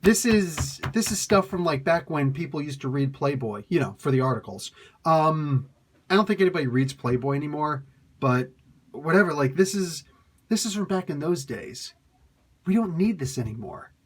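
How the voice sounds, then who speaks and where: A man's voice: fairly high pitch, lively intonation, husky. Ranting man with a raised voice. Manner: exasperated ranting with incredulous outbursts; halting, repeats words. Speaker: comic book reviewer. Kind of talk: casual rambling review.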